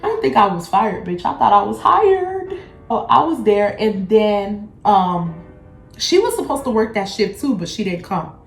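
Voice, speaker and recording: A woman's voice: medium pitch, moderate pace. Young woman venting a story, cussing a lot, roomy echo, a little music behind her. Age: young adult. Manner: blunt, profane, animated storytelling. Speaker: vlogger. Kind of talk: casual storytime. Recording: echoey room, faint music.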